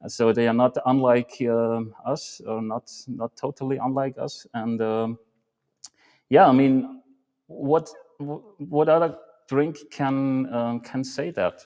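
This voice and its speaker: A man's voice: mid-range voice, steady tone, slow pace, darkish tone. A man appearing as a brewery guest on a live beer tasting, speaking in a hesitant way full of ums and uhs. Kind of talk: casual live-stream chat. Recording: long hall reverb.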